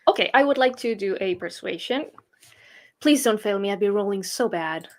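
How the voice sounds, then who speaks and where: A woman's voice: medium pitch, animated, moderate pace. A woman playing in a casual tabletop game, chatty and playful, asking about rules. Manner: chatty, playful, laughs easily. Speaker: player.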